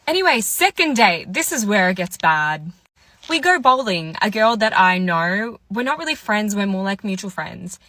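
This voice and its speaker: Here a young woman in her 20s speaks at a medium pitch with a sharp edge, recorded without echo. She casually tells a dating story, acting out what everyone said in their voices.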